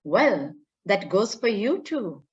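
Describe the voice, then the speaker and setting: A woman teacher reading aloud the lines of an overconfident male intruder from a play, in a brisk, raised voice. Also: mid-range voice, big pitch swings. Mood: scornful. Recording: dull lo-fi audio.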